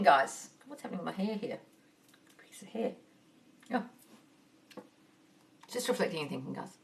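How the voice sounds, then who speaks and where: Live on her phone, a woman manifesting coach handles a viewer Q&A in a high-pitched, pushed, bright voice. She swears freely and calls her viewers darling. Her recording sounds slightly distant from the mic.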